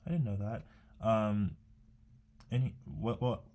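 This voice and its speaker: A man's voice: fairly low pitch, takes it slowly, a little mellow. A young man rambling casually to himself while painting, chatty and meandering with many fillers and restarts. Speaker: art vlogger.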